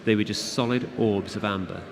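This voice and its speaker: Man with a low voice reading a story. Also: crowd noise. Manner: steady, measured narration. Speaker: author reading his book. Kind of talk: reading a fantasy novel aloud. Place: convention event room. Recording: long hall reverb with audience.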